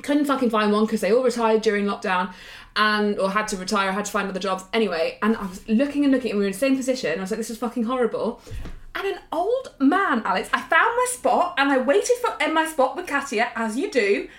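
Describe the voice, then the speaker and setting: A pregnant woman co-hosting a podcast, telling stories in a lively way and swearing freely. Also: on the high side, fast, reverberant. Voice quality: swears freely, animated storyteller. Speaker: podcast co-host. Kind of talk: casual chat.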